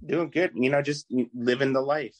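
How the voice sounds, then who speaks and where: A man co-hosting a casual podcast, talking in a relaxed, laid-back way with small chuckles. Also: medium pitch, normal speed, poor audio. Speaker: podcast co-host. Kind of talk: casual chat.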